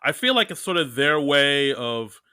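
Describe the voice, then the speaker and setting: A man's voice: on the high side, big pitch swings, a little slow, bright, forceful tone, smooth, no echo, studio quality. A man co-hosting a podcast, talking casually and hesitantly with many fillers. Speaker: podcast co-host. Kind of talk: casual chat.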